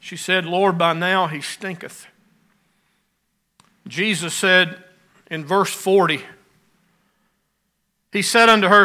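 A man preaching a sermon, rising to emphatic lines and dropping to quiet ones. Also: sits high, slow, long pauses.

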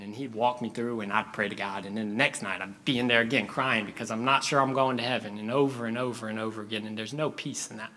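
Bright-voiced animated male preacher. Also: mid-range voice, fast. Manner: animated storytelling, acts out scenes. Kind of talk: sermon.

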